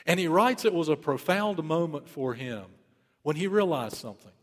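A man's voice: on the high side, lively intonation, normal speed, big-room sound. A man preaching a sermon, telling a story in an urgent, emphatic way and repeating key phrases. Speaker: pastor.

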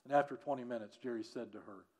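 A man preaching a sermon as a pastor, telling a story earnestly and often dropping to a hushed voice. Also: mid-range voice, quick pace.

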